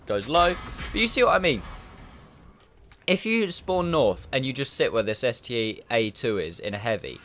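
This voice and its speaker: A man giving relaxed, rambling commentary over his own gameplay, often restarting his sentences. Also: mid-range voice, a little hiss or hum. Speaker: gaming YouTuber.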